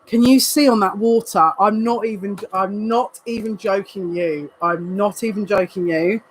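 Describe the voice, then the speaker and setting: A woman, a psychic reader, giving a live card reading to viewers in an excitable, emotional way, full of quick asides. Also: mid-range voice, poor audio.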